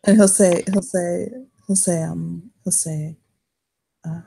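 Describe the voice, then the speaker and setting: A woman's voice: lowish voice, fairly even intonation, slow pace, creaky, mellow, husky. A woman running a tabletop game, narrating in a rambling way with frequent swearing and restarts. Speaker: game master.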